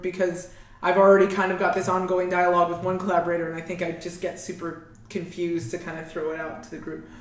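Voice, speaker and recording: A woman's voice: fairly low pitch, reverberant, recorded from a distance. A woman talking casually in a group, rambling and thinking aloud. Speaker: creative freelancer.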